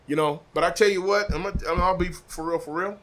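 This is a pitmaster from Des Moines in a casual podcast chat, telling a story with lots of energy. He acts out the dialogue as he goes, and his voice sits a bit high for a man. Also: fairly even intonation, fast talker, fairly bright tone. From Des Moines, Iowa. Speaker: podcast guest, barbecue pitmaster. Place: room above a butcher shop.

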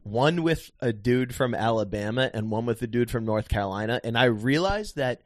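Young man, fast profane storyteller, dry close sound. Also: medium pitch, animated, no echo. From Northeastern US. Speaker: podcast host. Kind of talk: casual chat.

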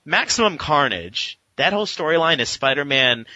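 A man talking through a comic book issue in a loose, rambling podcast chat, now and then popping into a quick voice for a character. His voice is very bright and forceful. The recording is dry and a little dull. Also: fairly high pitch, no echo. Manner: rambling recap, with animated quoted voices. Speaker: podcast co-host.

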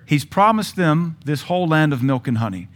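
A middle-aged male pastor preaching a sermon, with forceful rises in volume and sudden quiet drops. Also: a little high, animated, moderate pace.

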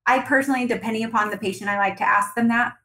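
Lively, high-pitched woman giving coaching advice. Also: racing, rough recording. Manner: energetic, acts out dialogues with patients. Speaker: guest, dental practice consultant. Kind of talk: conversational podcast interview.

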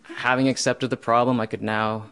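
A young man telling a first-person true story in a self-mocking way, with loud bursts when he voices his own panic. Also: mid-range voice, flat delivery, moderate pace, noisy background.

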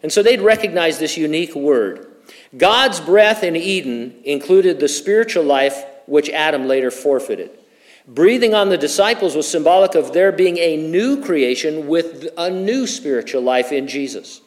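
A middle-aged male pastor teaching through scripture in a relaxed, conversational sermon. His voice sits a little on the high side for a man, and he drops in light, joking asides between his points. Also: moderate pace. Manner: conversational, with humorous personal asides. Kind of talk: expository sermon.

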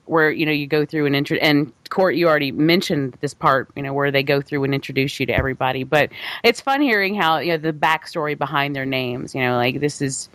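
A woman with a low, fairly bright voice co-hosts a film podcast, recorded dry. She chats casually and rambles about films, laughing often and restarting her sentences.

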